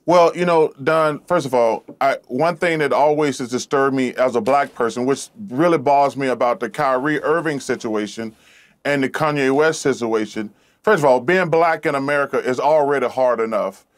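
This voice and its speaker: A man's voice: medium pitch, normal speed. A man, a talk-show guest speaking earnestly and repeating words as he searches for them. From Alabama. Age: 50s.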